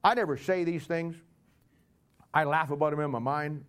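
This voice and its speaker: Male pastor delivering a sermon, emphatic and sarcastic, with a somewhat high voice. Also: moderate pace, fairly bright tone.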